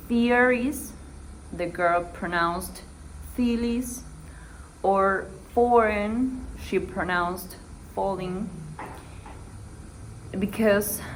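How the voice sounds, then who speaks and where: A woman's voice: fairly low pitch, very slow, a little hiss or hum, poor audio. A young woman student giving a class presentation for an assignment, hesitant and dotted with "eh" fillers.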